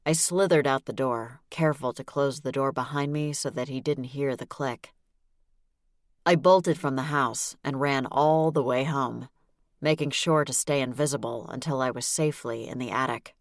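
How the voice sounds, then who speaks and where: A woman narrating a novel in the first person, with a wry, brisk delivery. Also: extremely low pitch, no room sound, clean studio sound. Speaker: audiobook narrator.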